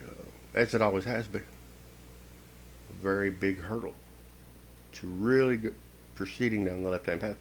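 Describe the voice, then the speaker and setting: A man with a very low, gravelly voice delivers a slow spiritual lecture. He speaks in a stern, measured way and leaves long pauses between phrases. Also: a little hiss or hum, poor audio. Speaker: occult teacher.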